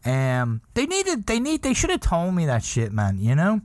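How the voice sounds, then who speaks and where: A man's voice: fairly high pitch, huge pitch swings, moderate pace, darkish tone, no room sound. A man hosting a podcast, telling a rambling comic story and laughing at his own jokes. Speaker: podcast host.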